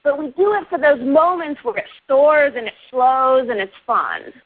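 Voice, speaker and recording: A woman's voice: high voice, expressive, moderate pace. A woman guest on an interview show, chatting about writing in an upbeat, talkative way and laughing often. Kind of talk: casual interview talk. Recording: dull lo-fi online radio audio.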